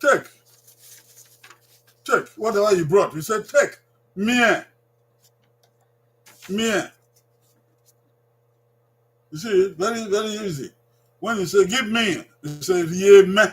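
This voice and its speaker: A man with a Nigerian accent giving a language lesson, repeating each word slowly and drawing it out for learners. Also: high-pitched, a bit bright, slightly rough. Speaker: language teacher.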